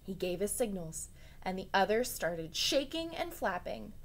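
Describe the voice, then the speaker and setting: A woman teacher with a medium-pitched voice reads a story aloud to her students, expressive and measured in pace, adding chatty asides to the children.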